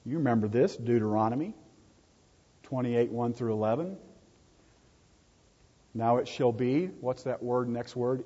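A man's voice: mid-range voice, unhurried, long pauses, mellow, breathy edge. A man preaching a sermon, emphatic and repeating key words for stress. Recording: dull lo-fi recording in a reverberant hall.

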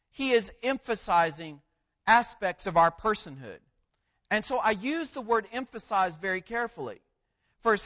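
A man with a high-pitched voice preaching in a measured, emphatic way. He lingers on key words and leans into each phrase. The sound is a little dull and muffled. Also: fairly bright tone. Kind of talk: sermon.

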